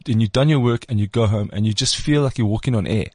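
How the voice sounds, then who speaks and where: A man's voice: lowish voice, fast, few pauses, darkish tone, husky, no room sound, studio quality. A man with a Cape Town South African accent, hosting a podcast in casual chat, laughing often and slipping into put-on voices. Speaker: podcast host.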